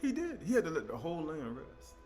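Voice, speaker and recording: A man's voice: on the high side, wildly swooping pitch, fairly quick, darkish tone, soft background music. A man preaching an informal sermon, reading scripture and breaking into conversational asides and rhetorical questions.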